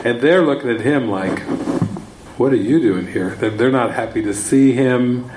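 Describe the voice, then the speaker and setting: In a retreat session room, a spiritual teacher with a mid-range voice tells a rambling story during a teaching talk, speaking at a moderate pace. He repeats words as he goes and breaks into excited shouted quotes, and the sound is roomy with a noisy background.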